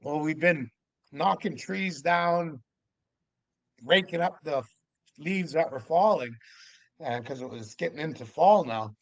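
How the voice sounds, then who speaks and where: A man telling a story as a podcast guest, in a lively, casual way that acts out the scenes. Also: fairly high pitch, a little slow, gravelly, long pauses, no room sound. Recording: dull lo-fi audio.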